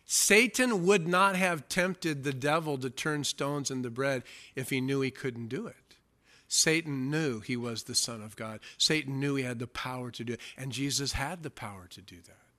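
A man's voice: medium pitch, lively intonation, normal speed, sharp tone. A male pastor preaching an expository sermon, emphatic and often asking the congregation questions.

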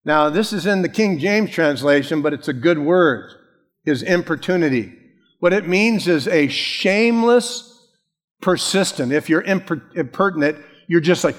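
A man preaching a sermon with a fairly high voice, slipping into lively acted voices as he tells the story. His voice rings out with a long reverb, as in a large church hall. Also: moderate pace. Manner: animated storytelling, acting out quoted voices. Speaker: pastor.

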